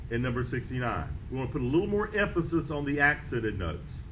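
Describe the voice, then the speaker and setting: A male band teacher walks a beginner through a trumpet method book, counting in and calling note names in a steady, patient rhythm. His voice sits in an ordinary middle pitch. A faint noise floor runs under the recording. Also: brisk, low-quality recording. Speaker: music teacher.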